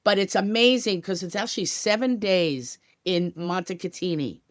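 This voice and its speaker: A woman's voice: fairly low pitch, normal speed, no room sound. Upbeat chatty woman, dry close mic. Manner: upbeat, chatty, many "you know" asides. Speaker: tour company guest. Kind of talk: enthusiastic podcast interview.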